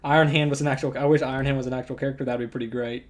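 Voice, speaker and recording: A man's voice: medium pitch, steady tone, racing. Chatty man with a rural twang. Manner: chatty, rambling, self-correcting. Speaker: streamer. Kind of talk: casual gameplay commentary.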